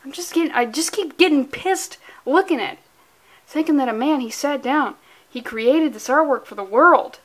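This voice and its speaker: A woman with a high voice talks straight to the camera in a casual comic book vlog. She plays at being furious, swears freely and rambles from one thought to the next with a joking edge. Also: animated, moderate pace, a bit bright. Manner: mock-angry, profane, rambling, playful.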